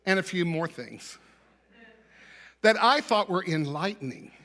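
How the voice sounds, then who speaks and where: Man, sermon, conversational storytelling, rhetorical questions, bright tone, church. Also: high-pitched, lively intonation, a little slow. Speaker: minister. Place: church sanctuary.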